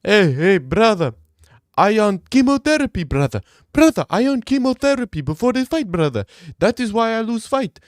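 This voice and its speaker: A man's voice: high voice, sing-song, moderate pace, no room sound, studio quality, pitched above the performer's own voice. A man voicing a whiny male fighter making excuses, in a mock Dagestani accent, pleading and saying "brother" constantly.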